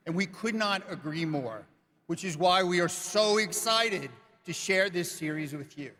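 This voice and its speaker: A film director presenting a new series on stage, emotional and excited. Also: male voice, high voice, moderate pace. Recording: echoey broadcast stage.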